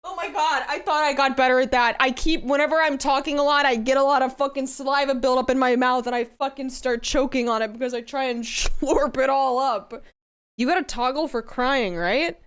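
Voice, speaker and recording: High, giggly woman streamer. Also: steady tone, fairly quick, clear, resonant tone. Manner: giggly, crude, swears freely; bursts into loud squealing laughter. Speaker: VTuber streamer. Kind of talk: casual live-stream chat.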